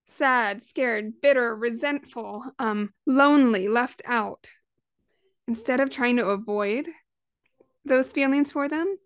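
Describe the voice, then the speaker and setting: A woman in her thirties talks earnestly through a parenting podcast, with a fairly high voice. She is close to the mic in a dry, dead room, with a chatty, conversational delivery. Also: no room sound. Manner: earnest, conversational, acts out quotes. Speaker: podcast host. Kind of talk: casual parenting talk.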